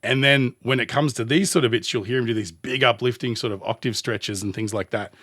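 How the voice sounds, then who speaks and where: An Australian man, a music producer, giving casual commentary as he reacts to a song, thinking aloud and rambling as he pauses the track. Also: mid-range voice, steady tone, a bit bright, no room sound, clean studio sound.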